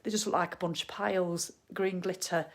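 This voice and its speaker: A middle-aged woman hosts a casual live stream from her living room at home, chatting cheerfully and bluntly to viewers with mild swearing and laughs. Her voice is fairly low, with fairly even intonation, and a little fast.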